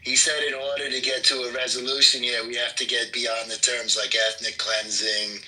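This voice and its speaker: A man in a political debate, asking calm, pointed questions. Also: medium pitch, moderate pace. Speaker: debate opponent. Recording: distant voice off mic.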